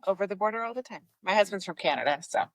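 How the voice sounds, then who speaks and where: A woman's voice: medium pitch, lively intonation, quick pace, no echo. Easygoing woman hosting a call-in interview. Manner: easygoing, asks simple open questions. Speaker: podcast host. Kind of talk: casual interview chat. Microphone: computer on video call.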